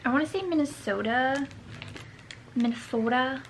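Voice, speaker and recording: A woman's voice: high voice, normal speed. Young woman, casual vlog chat, scattered self-mocking asides, faint room hiss. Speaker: book vlogger.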